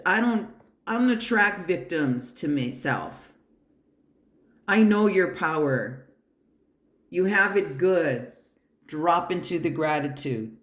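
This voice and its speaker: A tarot card reader giving a pick-a-pile reading. The reader talks bluntly and emphatically, swears freely and speaks straight to the listener with encouragement. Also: mid-range voice. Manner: encouraging, addresses the listener directly. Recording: roomy echo.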